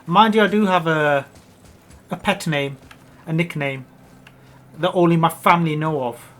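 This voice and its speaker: A man's voice: a little high, unhurried, a bit bright. A man hosting a let's play, riffing jokingly in casual gameplay commentary from a home gaming setup. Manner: joking, rambling riffs on a word.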